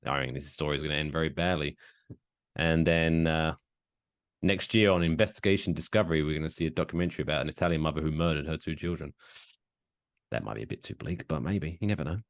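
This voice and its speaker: A man's voice: a bass voice, fast talker, dry recording, clean studio sound. A man, co-hosting a casual podcast with jokes and swearing. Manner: animated, swearing, jokey. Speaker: podcast co-host.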